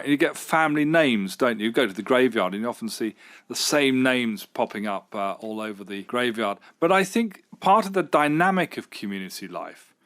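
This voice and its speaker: Middle aged guy, radio manager, keen and chatty, rambles a lot, ordinary pitch. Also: fairly bright tone. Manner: enthusiastic, rambling with frequent fillers and restarts. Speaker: radio station manager, interview guest. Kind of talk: conversational interview answers.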